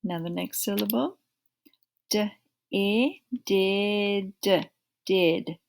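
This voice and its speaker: A woman teaching young children to read, working through phonics with great patience. She speaks very slowly and deliberately, breaking each word into its sounds before repeating it, her pitch sitting in an ordinary middle range. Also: creaky.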